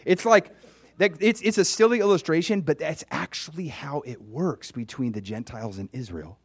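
A man's voice: fairly high pitch, moderate pace, breathy edge, no room sound. A man giving an informal, conversational sermon as a Bible teacher. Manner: animated, conversational, acts out dialogue.

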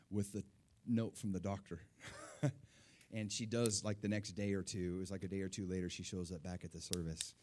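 A man telling a personal faith testimony in a casual storytelling way, moving between hushed quotes and excited outbursts. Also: lowish voice. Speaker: speaker sharing a testimony.

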